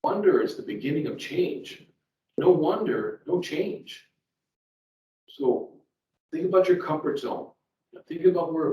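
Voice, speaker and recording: A middle-aged man with a medium-pitched, darkish voice speaks as a sales trainer at a live seminar. He's conversational, repeating words as he shares personal stories, heard through a distant mic in an echoey room with faint ambience behind him.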